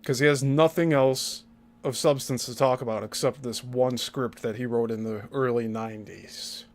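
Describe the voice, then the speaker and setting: A man's voice: mid-range voice, fairly even intonation, normal speed, slight background noise. Pointed critical male podcast host. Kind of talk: commentary podcast.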